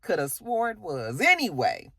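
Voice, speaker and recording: A casual TV recapper tells the episode like gossip with a friend, dropping asides and fillers along the way. The voice swings widely up and down in pitch. The sound is dry and close, with little room. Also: moderate pace, creaky, no room sound. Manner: animated, slangy storytelling with frequent asides and fillers. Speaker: TV episode reviewer.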